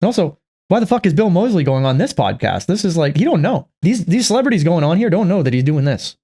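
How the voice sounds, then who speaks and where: A man's voice: fairly high pitch, sing-song, fast, warm tone, slightly rough. Sarcastic swearing man reacting to clips. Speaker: reaction video host. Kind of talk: casual commentary.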